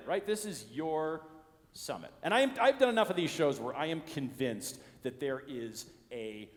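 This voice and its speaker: A middle-aged man from the Chicago area doing a stand-up comedy routine, animated and acting out the voices of people in his stories. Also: fairly high pitch, normal speed. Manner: animated, acts out quoted voices. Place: large conference hall stage. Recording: long reverb of a large hall.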